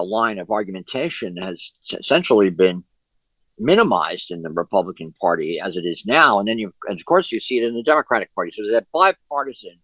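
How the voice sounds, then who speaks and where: A man leading a group discussion on a video call, his voice on the low side. He talks in long, halting stretches full of fillers and restarted phrases. The sound is dry, with no room echo. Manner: hesitant, many fillers and restarts. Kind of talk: online discussion session.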